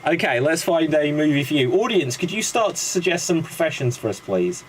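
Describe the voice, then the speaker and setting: A man's voice: a little high, expressive, fairly quick, slight background noise, low-quality recording. A man hosting a live improv comedy show, chatty and upbeat as he introduces the games. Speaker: host.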